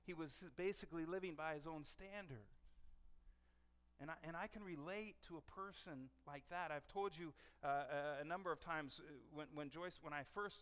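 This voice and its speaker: A middle-aged male pastor preaching a sermon in a conversational, animated way, often restarting his sentences. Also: on the high side, moderate pace. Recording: long reverb of a church hall.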